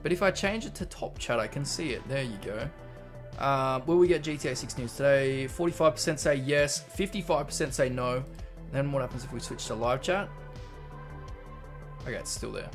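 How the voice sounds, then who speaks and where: A man's voice: mid-range voice, normal speed, music in the background. A young Australian man chatting casually on a live stream, reading out chat messages and rambling through stories.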